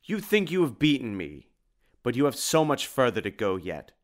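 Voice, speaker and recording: A man voicing the spirit of a vampire count in an audiobook, with booming, drawn-out threats. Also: big pitch swings, natural voice. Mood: menacing. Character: Count Dracula's spirit, a menacing male vampire. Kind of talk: audiobook character voice.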